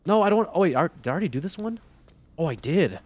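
A man streaming a game live, commenting casually and excitably, swearing and laughing as he plays. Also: fairly high pitch, fast talker.

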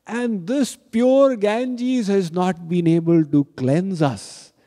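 A man's voice: high voice, dark tone, voice pushed up. A man doing a crafty, devoted old-world boatman. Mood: bargaining. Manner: slow, pleading, playfully bargaining. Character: shrewd humble male boatman, devoted and bargaining. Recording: reverberant hall.

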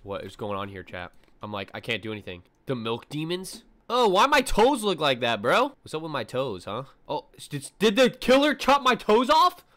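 A man giving let's play commentary to his chat, excitable and full of slangy exclamations as he reacts to the game. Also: mid-range voice, moderate pace, hardly any pauses. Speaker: gaming video creator.

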